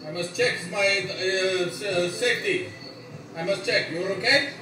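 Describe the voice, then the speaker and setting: A man's voice: high voice, unhurried, pitched below the performer's own voice. A man putting on a fake Croatian accent to play a formal ship captain with broken phrasing. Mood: mock-polite. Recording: echoey room from a distance, noisy.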